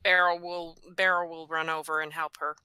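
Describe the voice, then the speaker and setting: A woman's voice: sits low, level tone, normal speed, pushed and bright, smooth, dry recording. A woman playing a tabletop game, declaring her character's actions in third person. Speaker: player. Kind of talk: casual game play.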